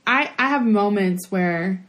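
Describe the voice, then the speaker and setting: A woman's voice: medium pitch, lively intonation, slow, fairly bright tone. Emotional woman podcast co-host. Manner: emotional, talks in long run-on stories. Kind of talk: casual podcast chat.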